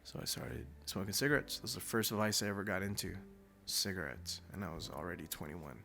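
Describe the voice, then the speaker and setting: A man's voice: low voice, brisk, bright, forceful tone, faint music behind. A man in his twenties hosting a podcast, telling a story in blunt, casual talk full of swearing and "dude.". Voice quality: gravelly. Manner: blunt, heavy swearing, says "dude" often. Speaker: podcast host.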